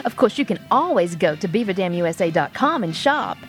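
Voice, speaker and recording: A woman's voice: on the low side, big pitch swings, a little fast, soft background music. A woman reading a chatty radio commercial in a folksy, playful way. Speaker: ad reader.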